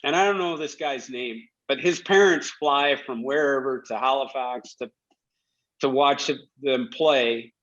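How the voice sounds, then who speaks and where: A middle-aged man, a guest, telling stories from his playing days in a casual, animated way, laughing as he goes. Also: medium pitch, a little slow. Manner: animated storyteller who laughs while telling anecdotes. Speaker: guest, former hockey player. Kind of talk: casual storytelling. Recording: dull lo-fi audio.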